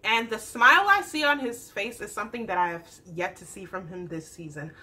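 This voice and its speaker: A young adult woman chatting through a casual TV recap, animated and acting out the people she describes. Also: medium pitch, fairly quick. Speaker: YouTube TV recap host.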